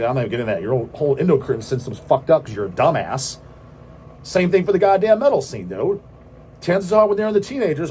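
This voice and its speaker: A man hosting a metal vlog, ranting in a rambling, heavily profane monologue that now and then bursts into shouts. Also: fairly high pitch, a little hiss or hum. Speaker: host of a metal vlog channel.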